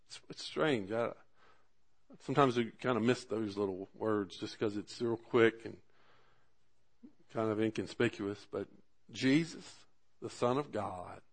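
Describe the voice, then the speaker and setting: Man, pastor, sermon, earnest, conversational asides, swelling emphasis. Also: lowish voice. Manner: preaching with swelling emphasis and drawn-out words.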